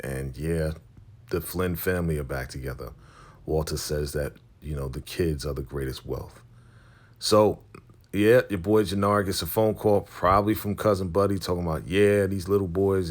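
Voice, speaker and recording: A man casually recapping a TV episode, retelling scenes and acting out the characters' lines in a slangy voice. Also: deep voice. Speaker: recap host.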